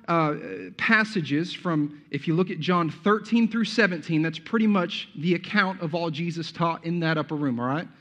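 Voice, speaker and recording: A man's voice: high-pitched, fairly bright tone. A man preaching a sermon as pastor, talking conversationally with frequent restarts and rhetorical asides.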